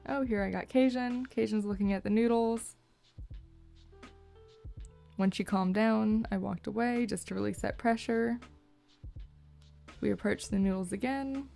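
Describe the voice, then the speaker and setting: A young woman narrating her horse vlog as a voice-over, cheerful and quick to laugh. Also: medium pitch, vocal fry, mellow, faint music behind. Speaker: horse owner, vlogger.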